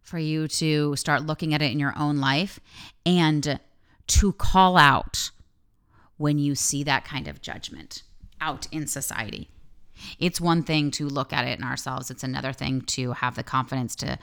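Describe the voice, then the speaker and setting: A woman's voice: low-pitched, unhurried, a bit bright, clear, resonant tone. A woman host talking frankly and with feeling in a solo podcast monologue, swearing freely.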